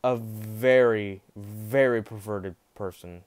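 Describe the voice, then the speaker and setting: Slow, rambling young man telling a story. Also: fairly low pitch, fairly even intonation, a little mellow. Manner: rambling, many fillers and restarts, acts out quotes. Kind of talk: casual spoken fan-fiction retelling.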